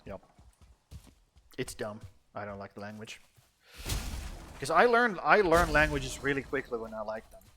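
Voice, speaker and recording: A man's voice: medium pitch, very animated, normal speed, long pauses, music in the background. A man chatting casually while streaming a game, rambling and swearing bluntly. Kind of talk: casual gameplay chat.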